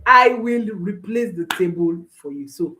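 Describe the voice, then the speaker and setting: A woman's voice: lowish voice, expressive, measured pace, pushed and bright, slight background noise, low-quality recording. A woman speaking as a parenting coach, giving an instructional talk and repeating key phrases for emphasis while reassuring listeners directly.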